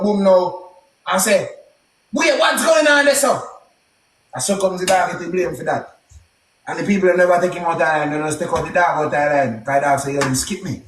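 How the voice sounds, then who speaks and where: A young man with a Jamaican accent telling a story casually, in a heavy patois with shouted exclamations. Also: sits high, reverberant, a little hiss or hum. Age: young adult.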